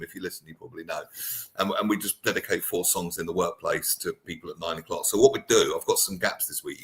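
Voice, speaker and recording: A man's voice: fairly low pitch, a bit bright. A man hosting a radio talk show, chatty and jokey, often tagging "right?" onto his sentences. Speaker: radio host. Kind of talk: casual radio chat.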